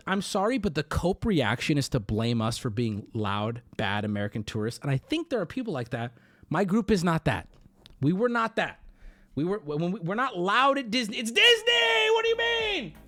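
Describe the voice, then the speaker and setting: A man's voice: high-pitched, big pitch swings, normal speed. A man streaming live and chatting casually, ranting and swearing, and mimicking people in exaggerated voices.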